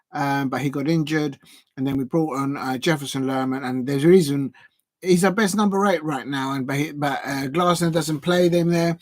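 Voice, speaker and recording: On his channel, a man runs a live football watch-along, talking chattily and excitedly and breaking into shouts whenever a big chance comes. His voice sits on the high side, and there's no room sound.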